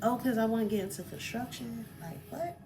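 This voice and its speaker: A woman talking casually to camera as a personal development coach, chatty and expressive, with many fillers. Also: fairly high pitch, a little fast. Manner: chatty and expressive, with fillers, acts out quoted remarks.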